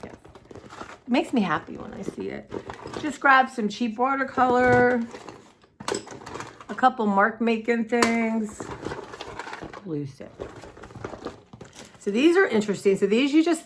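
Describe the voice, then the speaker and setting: A woman's voice: fairly high pitch, unhurried, long pauses, a bit bright, a little hiss or hum. A woman, rambling chattily to her viewers in a casual art vlog. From United States. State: sore throat. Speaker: vlogger.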